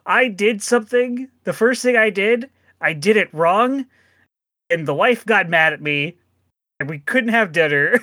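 A man's voice: high-pitched, lively intonation, unhurried, pushed and bright, no room sound. A man chatting casually as a podcast co-host, rambling with many restarts and frequent laughs. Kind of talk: casual chat.

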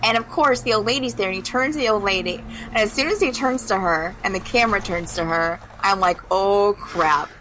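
Talking a little fast with hardly any pauses, a medium-pitched woman co-hosting a podcast rambles about a video game, packing in fillers and acting out the characters' lines. There's background noise in the recording.

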